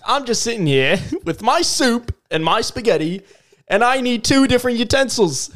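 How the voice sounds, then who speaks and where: A man doing a hammy fake-Australian pitchman. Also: very animated, moderate pace, a bit bright, heavily acted. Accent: put-on Australian. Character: young man hamming a mock Australian ad pitchman.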